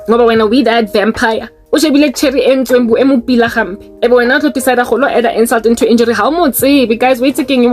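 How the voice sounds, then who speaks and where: A South African woman giving emphatic, outspoken personal commentary in a vlog, repeating her points for weight. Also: on the high side. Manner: emphatic and outspoken, with heavy repetition. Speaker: vlogger.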